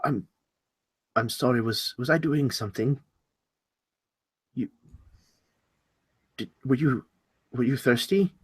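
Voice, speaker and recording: A man's voice: medium pitch, expressive, fast, hardly any pauses, a bit bright, husky. A man voicing a flustered, forgetful human host who stammers and apologizes. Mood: timid.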